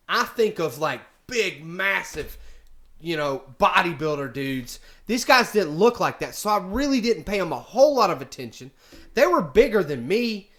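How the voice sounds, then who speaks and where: Guy rambling through a story, kinda high voice, lots of ums and restarts. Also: sharp tone. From United States. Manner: rambling, many fillers and restarts. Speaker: vlogger. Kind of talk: casual storytelling.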